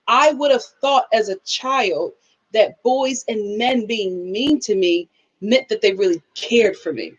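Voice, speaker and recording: A woman's voice: on the high side, dull audio. A woman hosting a casual live stream, telling stories with animation, acting out quotes and reading viewer comments. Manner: animated storyteller who acts out quotes and laughs often.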